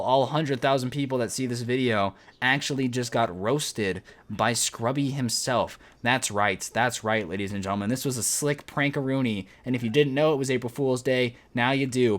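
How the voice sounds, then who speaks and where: A man's voice: medium pitch, animated, moderate pace, hardly any pauses. A young man telling a jokey story on his vlog, full of slang and playful exaggeration. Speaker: vlogger.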